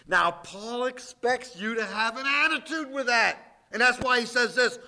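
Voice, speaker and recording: A man preaching a sermon and reading scripture in a church, emphatic with dramatic swings in loudness. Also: extremely high pitch, normal speed. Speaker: pastor.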